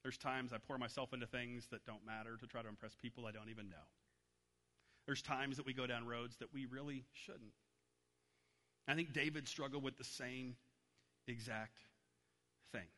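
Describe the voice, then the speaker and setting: A man's voice: medium pitch, steady tone, normal speed, long pauses, sharp tone. A man preaching a sermon, telling a story and acting out its voices. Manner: storytelling, acts out voices in anecdotes. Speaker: pastor. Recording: long hall reverb.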